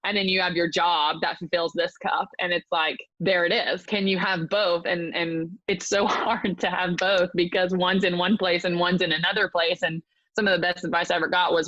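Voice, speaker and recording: Young adult woman, podcast guest; animated, effusive, lowish voice; dry, muffled recording. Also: moderate pace, dry recording. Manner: animated, gushing, heavy use of "like". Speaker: mental skills coach, podcast guest. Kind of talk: casual interview chat.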